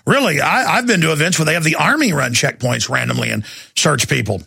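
Gravelly ranting talk radio man. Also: a little high, lively intonation, fairly quick, pushed and bright, no echo, studio quality. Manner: ranting, indignant, sarcastic.

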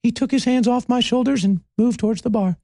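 A man putting on the voice of a high-pitched, self-important male TV journalist, reading a story in a mock-solemn, squeaky tone. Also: fairly quick, vocal fry, dark tone, no echo, clean studio sound.

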